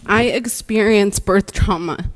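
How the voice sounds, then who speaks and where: A woman's voice: mid-range voice, slow, low-quality recording. Earnest woman giving emotional public comment. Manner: earnest, emotional, reading prepared remarks. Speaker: public commenter, family therapist. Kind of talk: public comment at a board meeting.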